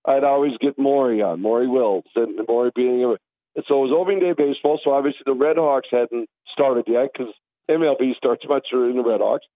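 A man's voice: medium pitch, brisk, no room sound. A man, a sports radio host, telling stories in casual chat and acting out the people he quotes. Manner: animated, acts out quoted callers. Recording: tinny phone line.

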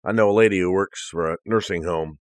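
A male preacher reads a moving first-person story aloud as part of his sermon, in an earnest storytelling manner. His voice is low, and the recording is dry and close. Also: a little fast, dry recording.

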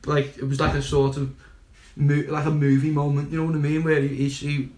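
A young man tells a long story, rambling and full of restarts, his voice sitting a little high and level with little rise and fall. The room around him is echoey. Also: completely flat delivery, fairly quick, darkish tone. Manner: rambling, swears, laughs while telling. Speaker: guest. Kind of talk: casual storytelling.

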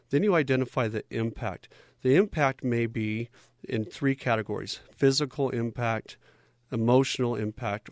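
A man's voice: medium pitch, dry recording, clean studio sound. A man giving an instructional talk in a conversational way, often checking in with his listeners. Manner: conversational, checks in with "okay?" and "right?".

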